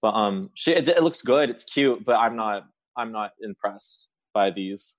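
A man's voice: lowish voice, expressive, unhurried. A man speaking as a panelist in a casual chat, hesitant and candid.

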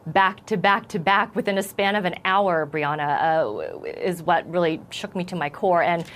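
A shaken woman from the United States giving an earnest, halting account in a TV news interview. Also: on the low side, a bit bright, a little hiss or hum. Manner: earnest, halting with repeated starts. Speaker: news correspondent.

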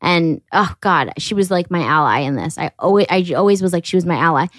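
A woman hosting a podcast, telling a story in casual chat, animated, laughing often and swearing freely. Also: fairly low pitch, fairly quick, no echo. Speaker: podcast host.

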